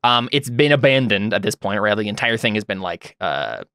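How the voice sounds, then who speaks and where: A man narrating as game master of a tabletop role-playing game, talking in a halting way with many fillers and restarts. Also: fairly low pitch, sing-song, sharp tone, clean tone, no room sound, studio quality.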